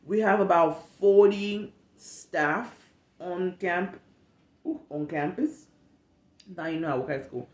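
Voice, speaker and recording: A young woman from West Africa telling a casual storytime rant as a vlogger, animated and profane, acting out what people said. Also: lowish voice, slow, reverberant. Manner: animated, profane, emphatic, acts out quotes.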